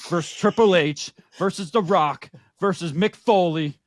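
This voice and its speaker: A man's voice: high voice, normal speed, no room sound, clean studio sound. A man co-hosting a podcast, telling stories in casual chat, joking and crude. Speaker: podcast co-host.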